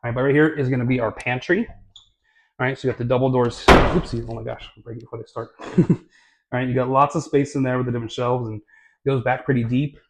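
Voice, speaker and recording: A man's voice: mid-range voice, fast talker, heavy background noise. Laid-back guy walking you through a house on his handheld camera, chatty, lots of "like" and "kinda". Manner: chatty and relaxed, filler-heavy, self-correcting. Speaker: real estate vlogger. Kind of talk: casual home tour walkthrough. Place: inside a new house, walking through rooms. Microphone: handheld camera mic.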